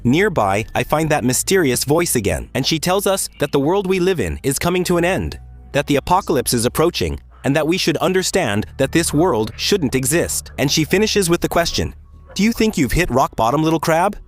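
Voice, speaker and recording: A man narrating a video game's story as a let's-play recap, casual and lively, with offhand asides to viewers. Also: a little high, brisk. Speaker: gaming YouTuber.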